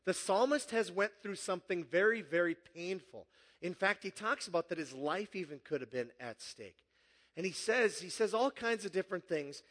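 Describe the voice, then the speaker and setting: A man with a high voice preaches in a lively, conversational way, dropping jokes as he goes. His talk rings out with a long reverb, as in a large hall. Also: normal speed. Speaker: pastor. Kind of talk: sermon.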